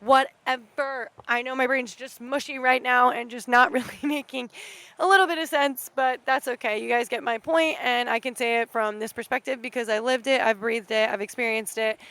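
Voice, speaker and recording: Young female podcast host, high-pitched, dry close sound, swearing and rambling passionately in a solo rant. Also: fairly even intonation, moderate pace, a bit bright, no room sound. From United States. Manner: profane, impassioned, rambling. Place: outdoors at night.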